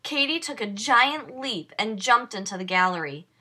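A woman reading a children's picture book aloud in slow, expressive storytelling. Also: fairly high pitch. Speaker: storybook reader. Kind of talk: children's read-aloud narration.

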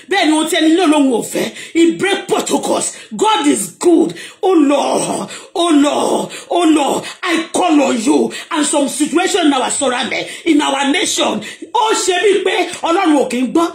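A Nigerian woman preaches and prays at full voice, emotional and insistent, switching between English and Yoruba. Her voice has a gravelly edge. The sound carries a roomy echo. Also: sits high. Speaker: livestream host preaching. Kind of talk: fervent prayer and preaching.

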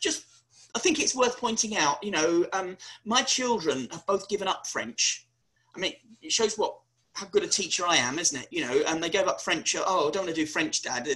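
A man's voice: high voice, bright, forceful tone, low-quality recording. A middle-aged man giving a chatty, self-deprecating webinar lecture, often stumbling over repeated words.

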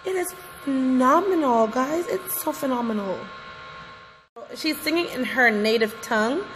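A woman's voice: a little high, a bit bright, a little hiss or hum. A woman vlogger gushing in music reaction commentary, effusive and repeatedly calling out to her viewers. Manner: gushing, effusive, keeps addressing viewers as guys. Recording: reverberant room with faint music. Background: faint music from the reacted video.

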